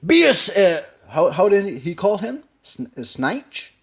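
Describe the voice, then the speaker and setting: A man with a Spanish accent, a native Spanish speaker, casually analyzing a film scene, halting and searching for words. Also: high voice, very animated. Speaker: acting learner.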